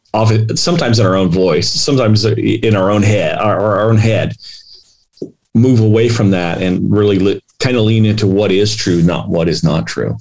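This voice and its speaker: A man hosting an interview, asking a question in a thoughtful, halting way. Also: fairly low pitch, darkish tone. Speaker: host.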